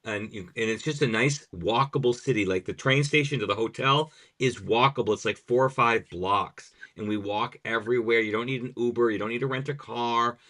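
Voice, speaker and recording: A man with a bright, forward tone and a middling pitch for a man, hosting a podcast. He chats casually and tells his stories with lively enthusiasm, warmly recommending the things he describes. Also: fairly quick, few pauses. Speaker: podcast host.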